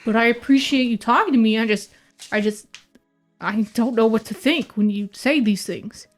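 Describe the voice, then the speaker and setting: A woman player role-playing in a tabletop game, excitable and quick to swear. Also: a little high, faint music behind. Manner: excitable, swears often, laughs a lot. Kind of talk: in-character tabletop role-play.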